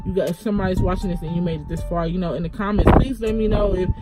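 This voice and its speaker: A woman's voice: fairly low pitch, steady tone, racing. Woman vlogger rambling through a story, like like you know, music going behind her. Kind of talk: storytime vlog, casual retelling.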